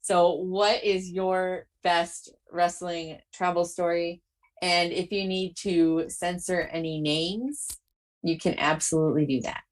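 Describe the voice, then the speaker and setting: A woman's voice: lowish voice, steady tone, slow pace. A woman hosting a casual chat, asking her guest questions in a talkative way full of fillers. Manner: chatty, full of "like". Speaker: host.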